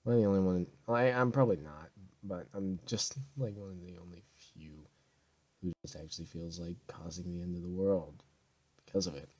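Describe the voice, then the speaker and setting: Tired young man with deep voice. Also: measured pace, long pauses. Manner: rambling, deadpan, with sudden loud outbursts. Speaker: gameplay commentator. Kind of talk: casual gameplay commentary.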